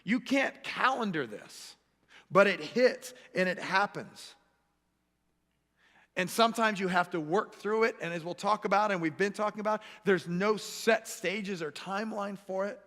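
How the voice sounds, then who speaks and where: Male pastor, sermon, animated delivery, higher voice, bright forceful tone, long church reverb. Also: moderate pace, hardly any pauses. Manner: animated, acts out voices and quotes. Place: church sanctuary. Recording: echoey church hall.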